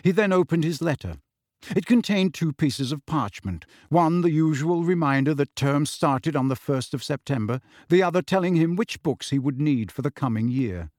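Expressive male audiobook narrator. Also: fairly high pitch, moderate pace, no room sound, clean studio sound. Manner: expressive storytelling. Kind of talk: scripted narration.

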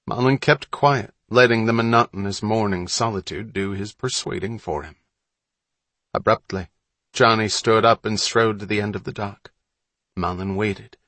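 A man narrating a story aloud in a steady, measured storytelling manner. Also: lowish voice, no room sound. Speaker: audiobook narrator. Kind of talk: scripted narration.

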